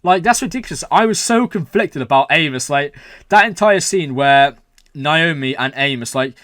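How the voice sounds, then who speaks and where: A young man hosting a show reaction, rambling excitedly with lots of "like" and "man". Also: a little high, moderate pace, dry recording, studio quality. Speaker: reaction video host. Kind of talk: excited casual reaction talk.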